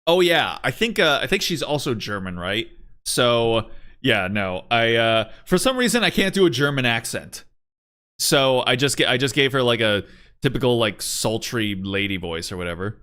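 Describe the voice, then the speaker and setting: A man's voice: medium pitch, big pitch swings, normal speed, bright, forceful tone, clear, resonant tone, faint music behind. A man streaming a game, commenting in a casual, rambling way with frequent swearing.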